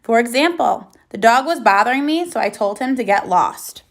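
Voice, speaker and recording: Speaking slowly and clearly, a woman teacher with a slightly high voice delivers a recorded reading lesson for little ones. She encourages them warmly and praises them with energy.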